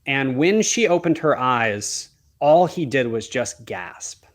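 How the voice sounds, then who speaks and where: A man's voice: mid-range voice, animated, slow. A man, a wedding photographer, telling a heartfelt story as a podcast guest, earnestly acting out the dialogue he quotes.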